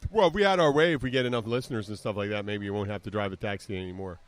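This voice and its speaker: A Southern American podcast host in his fifties rattles off stories at rapid-fire speed in a lowish voice. He rambles casually and mimics voices as he retells them.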